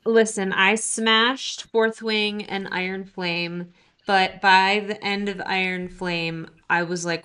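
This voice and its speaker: Woman, podcast co-host, bright tone, playful candid banter. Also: mid-range voice, fairly even intonation, takes it slowly, smooth. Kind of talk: casual chat.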